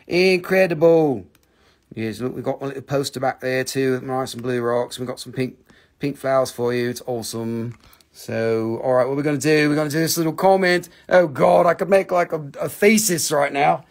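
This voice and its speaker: A man hosting a live sales stream from his home, with rushed, joking sales patter. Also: medium pitch, fairly even intonation. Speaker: live-stream seller of rocks and jewelry.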